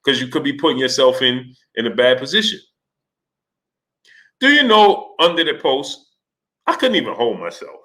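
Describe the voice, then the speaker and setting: A man with a bright, forward voice hosts a casual sports livestream. He keeps greeting viewers in the chat by name between points and breaks into animated, exasperated rants. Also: mid-range voice, fairly quick. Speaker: livestream host.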